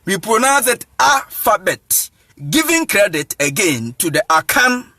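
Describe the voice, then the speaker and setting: A man with a high, bright voice talks slowly and with emphasis as an evangelist, spelling words out letter by letter and laughing often. He speaks straight to his listeners. The sound is dry and close. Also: big pitch swings, no echo. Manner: addresses listeners directly. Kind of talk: lecture-style talk.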